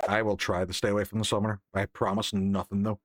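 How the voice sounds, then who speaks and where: Speaking quickly in a fairly low, fairly flat voice, this young Northern Irish streamer chats through his game, swearing occasionally and thanking his viewers. Faint music plays behind him, with a little hiss or hum on the track.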